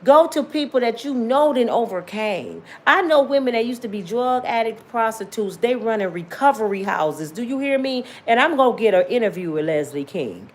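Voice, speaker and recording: A middle-aged woman preaches her testimony with fervor. She repeats herself and calls out to her listeners in a call-and-response way. Her voice sits a little high. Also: animated, normal speed, hardly any pauses. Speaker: motivational testimony speaker.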